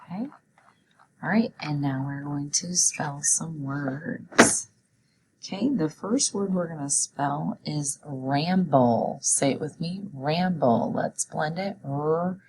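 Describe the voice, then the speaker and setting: A woman teaching a children's phonics lesson, her voice sitting low for a woman. She moves slowly and clearly, pausing so kids can repeat and write. A faint room ambience hums underneath. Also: noisy background. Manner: slow, clear, encouraging teacher talk.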